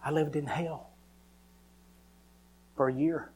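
A man, preaching a personal testimony in a dramatic storytelling manner that sometimes drops to hushed, whispered lines. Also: on the high side, steady tone, takes it slowly, husky. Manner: dramatic storytelling, acting out his own cries. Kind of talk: testimony sermon.

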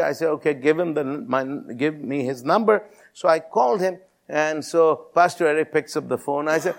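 A pastor in his sixties telling a testimony in a sermon, animated, rising high when he quotes others. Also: moderate pace, vocal fry.

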